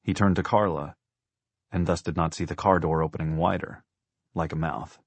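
A man narrating an audiobook in a steady, measured storytelling manner. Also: sits low, no echo.

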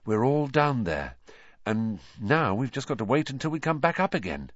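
A man's voice: very animated, moderate pace, no room sound, dull audio. A man voicing a young teenage girl who sounds anxious and earnest, pleading urgently in a raised voice. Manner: urgent, pleading, higher pitched.

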